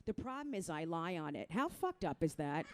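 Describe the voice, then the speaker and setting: A middle-aged woman from New Jersey works a crowd with crude, self-mocking stand-up. Her voice sits low, yet it swings wide and lively as she leaps into loud mock voices. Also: moderate pace, a little hiss or hum. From New Jersey, USA. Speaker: stand-up comedian. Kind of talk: stand-up set talking to the crowd.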